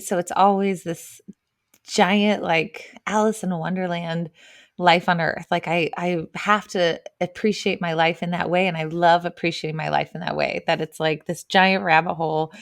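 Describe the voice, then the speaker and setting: A woman's voice: on the low side, no room sound, studio quality. A woman talking as a podcast guest in an earnest, emotionally open way, dropping frequent "like" and "right?" as she reflects. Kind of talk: casual podcast chat.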